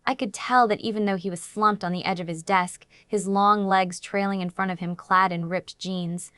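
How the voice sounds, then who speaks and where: A woman reads a dramatic first-person story aloud as an audiobook narrator. Her pitch sits in the middle and her delivery stays even and steady. The recording is close and dry. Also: normal speed, smooth, no room sound.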